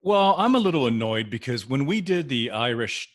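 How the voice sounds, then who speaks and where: A man co-hosting a podcast in casual chat, animated and laughing often. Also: mid-range voice, normal speed. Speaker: podcast co-host.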